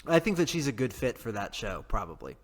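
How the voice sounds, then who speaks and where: A man's voice: medium pitch, sing-song, fairly quick. A man in casual podcast chat, rambling from one joke to the next and laughing often. His voice trails off into a long reverb. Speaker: podcast co-host.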